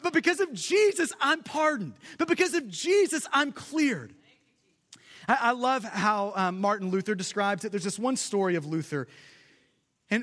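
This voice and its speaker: A man's voice: very high-pitched, sharp tone. A man preaching a sermon with emphasis, building lists of repeated phrases. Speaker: pastor. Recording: long hall reverb.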